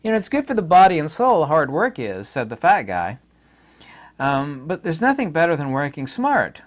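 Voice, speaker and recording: A man's voice: fairly high pitch, sing-song, a little fast. A middle-aged man hosting his own channel, giving a rambling, opinionated monologue full of fillers and asides. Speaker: channel host. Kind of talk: casual monologue to camera.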